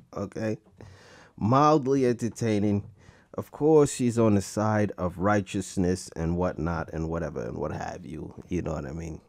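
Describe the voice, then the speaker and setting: A man's voice: sits low, a little slow, dry recording. A man hosting a podcast in casual chat, reacting to clips in a slangy style and often breaking into laughter. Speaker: podcast host.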